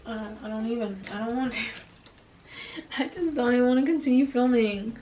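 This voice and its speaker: Young female beauty vlogger, slightly high voice, chatty and exasperated, short of breath, faint music underneath. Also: moderate pace, darkish tone, rough recording. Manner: chatty, frustrated venting with filler "like". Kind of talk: casual makeup review chat. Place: indoors at home, filming herself.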